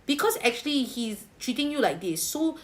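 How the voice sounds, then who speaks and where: A woman's voice: sits high, big pitch swings, normal speed. A woman with a Singaporean accent giving a livestream tarot reading, chatty and colloquial, with Singlish particles and big-sister reassurance. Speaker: tarot reader.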